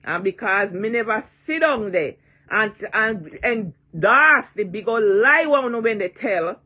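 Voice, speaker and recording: A woman's voice: mid-range voice, lively intonation, slow, sharp tone, highs cut off. Taunting Jamaican woman in her sixties. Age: 60s. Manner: taunting, repetitive, cursing. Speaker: online personality. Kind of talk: ranting vlog.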